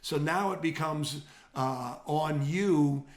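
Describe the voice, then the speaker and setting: A man with a Michigan accent co-hosting a retail training webinar, giving advice in an energetic, coaching tone. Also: fairly high pitch, slow, roomy sound. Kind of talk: casual webinar talk.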